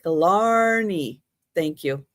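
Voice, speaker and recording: Woman, live auction host, slow easygoing patter, dry close mic. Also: lowish voice, animated, dry recording. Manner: chatty, laughs at her own slips. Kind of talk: live online auction selling.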